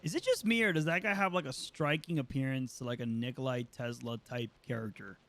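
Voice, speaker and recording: A man's voice: mid-range voice, expressive, a little fast, a bit bright. A man streaming a game, talking casually with slang, swearing and lots of fillers as he plays. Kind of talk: let's play commentary.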